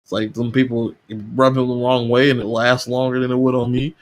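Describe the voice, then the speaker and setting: A man's voice: little pitch movement, brisk. A man guesting on a gaming podcast in casual chat, ranting heatedly and swearing often. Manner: heated, profane rant with rising pitch.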